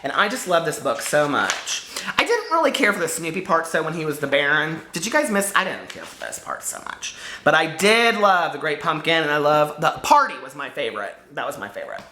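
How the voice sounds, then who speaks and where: A man's voice: on the high side, big pitch swings, fairly quick, bright, forceful tone, a little hiss or hum. A man chatting casually to camera about books he loved as a child, gushing, giggly and nostalgic. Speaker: book vlogger. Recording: echoey room.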